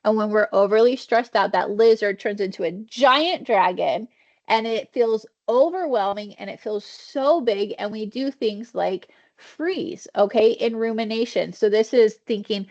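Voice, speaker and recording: A woman's voice: a little high, moderate pace. A woman trainer leading a virtual wellness session, talking in a conversational way and acting out inner thoughts, over a video call. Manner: warm conversational teaching, acts out inner thoughts. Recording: dull lo-fi video call audio.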